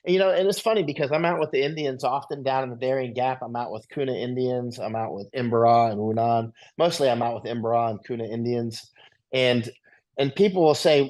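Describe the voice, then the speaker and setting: A man in the guest seat of an interview, rambling from one anecdote to the next with a conversational, mid-range voice. He often adds a quick "right?" as he goes. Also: mid-range voice, a little mellow. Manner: rambling anecdotal, tag questions.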